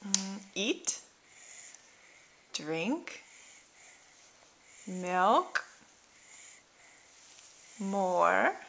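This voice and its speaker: A woman's voice: mid-range voice, big pitch swings, drawn-out words, creaky, pauses often, a bit bright, slight background noise. A woman at home quizzing a small child, patiently naming animals and repeating her questions, recorded on a handheld camcorder. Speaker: parent teaching a toddler sign language.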